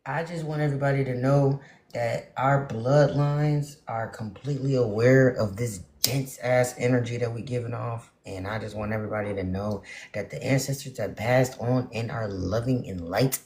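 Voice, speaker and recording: A young woman rants bluntly and profanely to her viewers, swinging between loud outbursts and muttered asides. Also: extremely low pitch, moderate pace, slight background noise. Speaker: spiritual vlogger. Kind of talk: ranting casual monologue to viewers.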